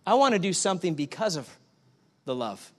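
High-voiced man preaching a sermon. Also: a little fast. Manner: animated, acts out both sides of dialogues. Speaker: pastor.

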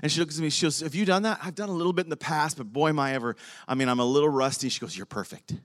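A man's voice: on the high side, rapid-fire. An older man, a pastor preaching a sermon, tells a personal story with animation, acting out both sides of a conversation and laughing along the way.

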